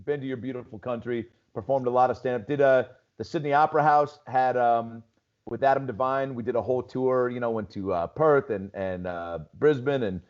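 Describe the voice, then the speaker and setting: A male comic from Seattle drifts through loose anecdotes as a podcast guest, saying "dude" and "like" constantly in casual chat. His voice is medium-pitched, fairly quick and a little mellow, heard through dull audio.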